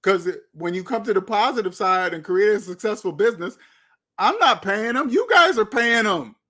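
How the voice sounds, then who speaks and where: Blunt high-voiced man lecturing. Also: animated, normal speed, pushed and bright. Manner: blunt, lecturing, repeats himself. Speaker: finance commentator. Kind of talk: opinionated video commentary.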